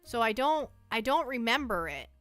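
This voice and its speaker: A woman's voice: a little high, big pitch swings, moderate pace, a bit bright, no echo, faint music behind. A young woman streaming, casually chatting with her viewers in a self-mocking, talkative way. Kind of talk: casual livestream chat.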